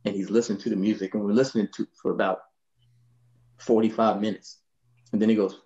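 Man, 60s, bassist raconteur, low voice, relaxed storyteller, muffled recording. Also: quick pace, long pauses. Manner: relaxed, laughing, lots of "you know". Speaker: bass player telling stories. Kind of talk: anecdotal storytelling in a panel.

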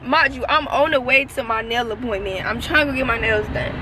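A woman's voice: high-pitched, quick pace, hardly any pauses, sharp tone, slight background noise, rough recording. Tearful young woman ranting in a car. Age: young adult. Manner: frustrated, profane, rambling. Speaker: vlogger. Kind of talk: casual vlog rant. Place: parked car by roadside.

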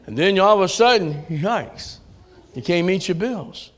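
A man with a Southern US accent preaching a sermon in a church, folksy, dropping to low asides and rising to shouted calls. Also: lively intonation, measured pace. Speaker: pastor. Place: church sanctuary.

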